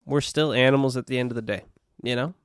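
A man's voice: mid-range voice, quick pace, clear, resonant tone, no room sound, clean studio sound. A young adult man hosting a casual solo podcast, rambling and profane with constant "you know" and "dude" fillers. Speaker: podcast host.

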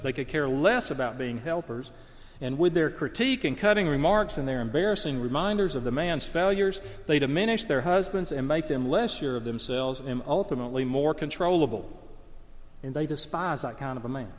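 Impassioned preacher in a reverberant hall. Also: male voice, a little high. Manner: impassioned, swings from hushed storytelling to loud emphasis. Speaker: pastor. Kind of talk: sermon. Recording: long reverb of a large hall.

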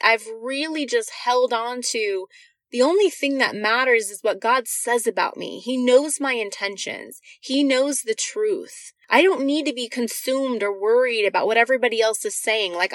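A woman's voice: fairly high pitch, normal speed, fairly bright tone, no room sound. A woman giving an earnest devotional talk to women, reading scripture verses and speaking directly to her listeners with encouragement.

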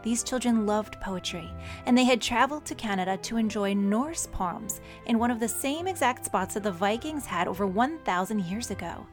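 A woman narrating a children's story and teaching syllables in a gentle, teacherly way. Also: medium pitch, animated, moderate pace, soft background music.

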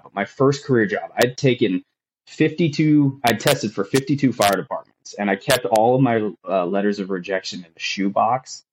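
A man's voice: on the low side, a little hiss or hum, rough recording. A man, a firefighter, telling his own story on a podcast in an earnest, rambling way with many fillers. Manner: earnest, rambling, emotional retelling with lots of fillers. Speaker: firefighter guest.

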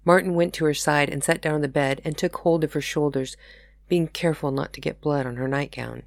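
A woman podcast host reads her own novel aloud in a steady storytelling voice. The sound is close and dry, with no echo around it. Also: low voice, brisk, creaky.

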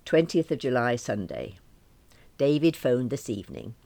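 A woman's voice: very deep voice, expressive, moderate pace, dark tone. A woman reading a first-person novel, chatty and wry, poking fun at herself. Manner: wry, self-deprecating, chatty. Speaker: audiobook narrator.

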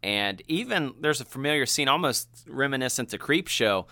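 A man co-hosting a casual movie chat, animated and quick to act out quotes. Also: dry recording. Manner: animated, laughing, acts out quotes in a high voice. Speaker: podcast co-host.

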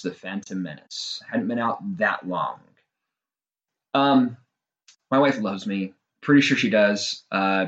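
A middle-aged man talks in a loose, self-deprecating monologue that is full of fillers. His pitch rises and falls in a lively way. The recording sounds dull and lo-fi. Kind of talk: casual monologue.

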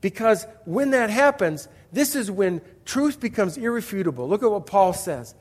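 High-pitched pastor guy preaching, punchy and storytelling, big echoey sanctuary. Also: very animated, moderate pace. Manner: emphatic, storytelling, rhetorical questions. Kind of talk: sermon.

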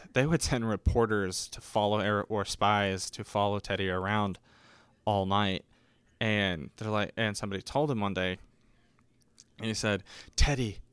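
A man's voice: fairly low pitch, a bit bright, clear, resonant tone, dry recording. A man hosting a podcast, telling stories in a casual, rambling way, often correcting himself and acting out the people he quotes. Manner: rambling, self-correcting, acts out quoted voices. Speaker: podcast host. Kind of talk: casual solo storytelling.

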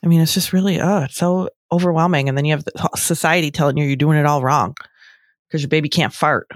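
Animated middle-aged woman, lowish voice. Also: quick pace, no echo, poor audio. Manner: animated, exasperated, laughing. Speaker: podcast co-host, lactation consultant. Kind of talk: casual chat.

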